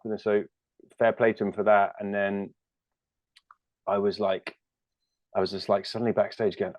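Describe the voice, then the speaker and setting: A man's voice: on the low side, little pitch movement, moderate pace, long pauses, no echo. A British man in his thirties, a comedian chatting as an interview guest, rambling and self-deprecating with lots of fillers and restarts. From United Kingdom. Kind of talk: casual interview chat.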